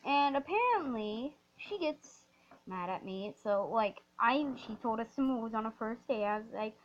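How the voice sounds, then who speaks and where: A woman telling a rambling, excitable story while playing a game, often restarting her sentences. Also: a little high, normal speed, dull audio. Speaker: gaming storyteller. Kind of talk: storytime over gameplay.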